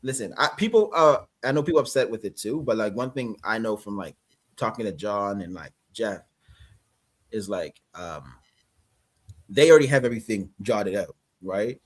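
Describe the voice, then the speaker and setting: Canadian male guest, husky, rambling, loose chat. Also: lowish voice, lively intonation, normal speed. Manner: loose, rambling, many fillers. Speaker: actor guest. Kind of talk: casual interview chat.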